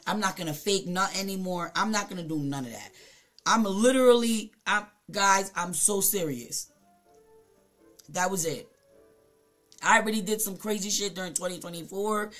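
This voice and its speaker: Woman streamer with a bright edge, unfiltered, swings from hushed to loud, faint music behind. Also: medium pitch. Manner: blunt, profane, swings between hushed and loud. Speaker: live streamer. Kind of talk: casual confessional storytelling to chat. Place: home, streaming live.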